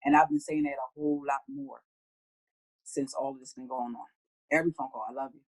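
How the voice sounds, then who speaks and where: Middle-aged woman guest, low voice, heartfelt, jumps up in pitch when she quotes herself or her family. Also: steady tone, a little fast, rough recording. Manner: heartfelt, acts out her own conversations in a higher voice. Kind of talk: casual interview talk.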